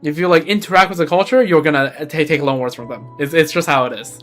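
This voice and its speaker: A man's voice: on the high side, fast, fairly bright tone, faint music behind. A man streaming a game, chatting casually in a rambling way and repeating words as he thinks. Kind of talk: casual gameplay commentary.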